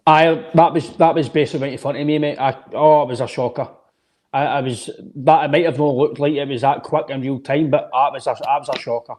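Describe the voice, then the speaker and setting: A man's voice: mid-range voice, steady tone, brisk, a little mellow. A Scottish man co-hosting a football podcast, talking emphatically in a casual chat and often calling his co-host "mate". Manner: emphatic, restarts phrases often, says "mate" a lot.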